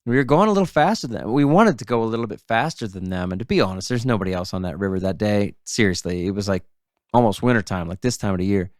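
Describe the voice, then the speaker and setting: A man's voice: fairly low pitch, fast, a little mellow, dry recording, studio quality. A man hosting a podcast, chatting casually with old fishing friends and telling stories with frequent laughter. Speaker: podcast host.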